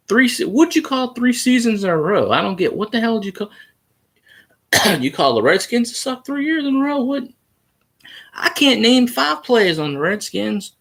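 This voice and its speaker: A man's voice: sits high, sing-song, moderate pace, fairly bright tone, husky. A man hosting a casual livestream about his team, arguing heatedly with viewer comments and swearing freely. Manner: heated, profane, argumentative. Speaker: sports fan livestream host. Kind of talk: casual live chat reacting to viewer comments.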